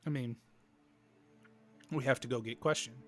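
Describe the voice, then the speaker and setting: A man's voice: medium pitch, steady tone, moderate pace, a bit bright, faint music behind. A man playing in a tabletop game, chatting casually, stumbling over words and laughing often. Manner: stumbling, lots of restarts and laughs. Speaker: player.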